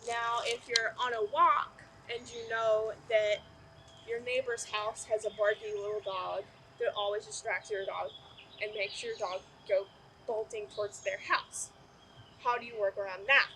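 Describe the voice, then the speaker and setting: A woman teaching dog training outdoors, explaining in an upbeat way and breaking into excited praise for her dog. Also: mid-range voice, a little slow, noisy background. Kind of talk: instructional video.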